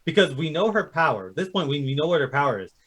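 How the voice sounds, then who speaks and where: A man with a slightly high voice rattles through a casual TV recap at speed. His pitch leaps around as he acts out the characters' lines. He swears freely and stays loose and conversational. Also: very animated, quick pace, fairly bright tone. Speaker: podcast co-host. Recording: livestream podcast.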